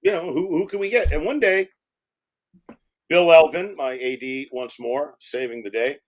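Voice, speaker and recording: This film director, a man, swears without restraint as he spins energetic stories in a casual interview, doing impressions of the people involved. He speaks at an ordinary rate in a fairly high register.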